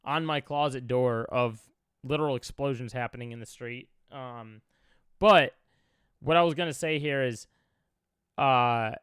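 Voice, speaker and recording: A man's voice: mid-range voice, a little slow, pauses often, fairly bright tone, smooth, no room sound, clean studio sound. A young man from Chicago, a streamer reacting to clips, talking in an emotional, rambling way with many fillers.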